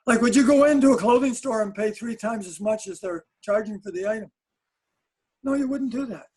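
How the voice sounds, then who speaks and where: A man telling animated anecdotes on a webinar chat, with frequent restarts and laughs. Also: sits high, brisk, slightly rough, rough recording. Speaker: sport psychologist guest.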